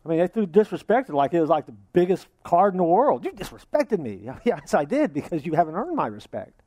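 Brief: male preacher, fairly high voice, dry close recording, acts out imagined congregants. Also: sing-song, a little fast, warm tone, dry recording. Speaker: pastor. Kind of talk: sermon.

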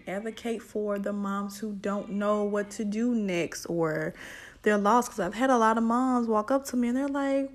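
A woman's voice: mid-range voice, moderate pace. Young mom talking about raising her kid alone, gets emotional, acts out what she was thinking. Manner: emotional, animated reenactments of her own thoughts. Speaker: single mother and autism advocate. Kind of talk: personal testimonial.

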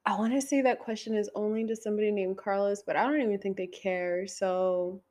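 A woman in her thirties hosting a casual solo podcast, swearing freely and teasing the listener directly, her voice going high when she gets excited. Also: fairly quick. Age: 30s. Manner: profane, teasing, talks straight to the listener. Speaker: podcast host.

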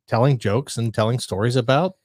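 A man's voice: mid-range voice, a little fast, a little mellow, dry recording, studio quality. A man hosting a casual podcast, joking around and reading out viewer comments. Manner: jokey, reads out viewer comments. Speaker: podcast host.

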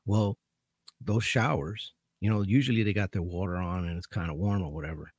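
Low, gravelly male storyteller. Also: fairly even intonation, a little fast, dry recording, clean studio sound. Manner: profane, laid-back, dryly amused. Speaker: corrections officer telling prison stories. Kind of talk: casual storytelling monologue.

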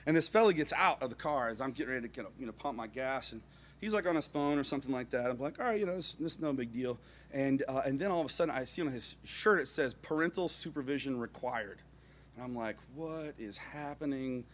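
A man telling a funny personal anecdote, expressive, dropping into hushed asides and rising to near-shouts, chuckling as he goes. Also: mid-range voice, quick pace. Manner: chuckles through his own story. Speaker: storyteller.

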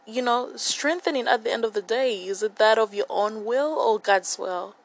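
A woman's voice: on the high side, normal speed, creaky, poor audio. A young woman giving a devotional Bible reflection in an earnest way, often repeating phrases for emphasis.

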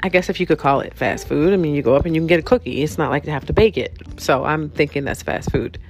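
Casting: woman host, candid and profane, comic storytelling, lowish pitch. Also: quick pace, gravelly, soft background music. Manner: candid, profane, laughing often. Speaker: podcast host. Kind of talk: comedic storytelling rant.

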